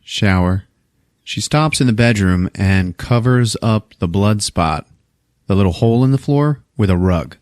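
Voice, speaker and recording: A man retelling a film plot on a podcast, swearing freely and keeping the story rolling. His lowish voice swings widely in pitch. The sound is close and dry. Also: a little slow, no room sound. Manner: profane, animated storytelling with laughs. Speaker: podcast host. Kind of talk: casual movie recap.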